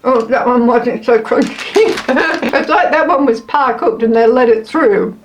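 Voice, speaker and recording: A woman's voice: a little high, a little slow, a little hiss or hum, low-quality recording. A woman casually reviewing snacks on camera, chatty and self-mocking, thinking aloud as she eats. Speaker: snack taste-test vlogger.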